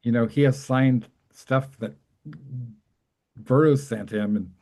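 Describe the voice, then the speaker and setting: Excited rambling man with a mellow voice. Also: mid-range voice, slow, vocal fry. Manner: excited, rambling, laughs often. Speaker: host. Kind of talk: casual chat.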